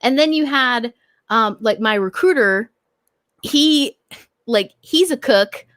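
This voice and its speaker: A woman's voice: a little high, expressive, slow pace, a bit bright, dry recording, studio quality. Profane, self-mocking woman guest. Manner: laughing, profane, self-deprecating. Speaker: podcast guest. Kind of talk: casual chat.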